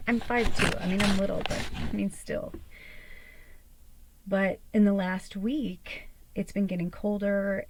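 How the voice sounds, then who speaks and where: A woman's voice: on the low side, rough recording. A woman host chatting casually, telling a rambling personal story with plenty of fillers and swearing. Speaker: channel host. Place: small camper or home interior.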